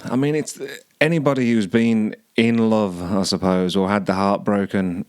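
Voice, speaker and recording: A man hosting a podcast, musing over song lyrics and often pausing to search for words. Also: on the low side, steady tone, a little mellow, smooth, no room sound, studio quality. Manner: hesitant, searching for words, many restarts. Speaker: podcast host.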